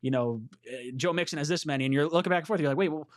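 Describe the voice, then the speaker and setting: High-voiced excitable guy hosting a sports call-in stream, cusses a lot. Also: racing. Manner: excitable, swears freely, reads viewer messages. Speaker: sports call-in show host. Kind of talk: casual livestream sports talk.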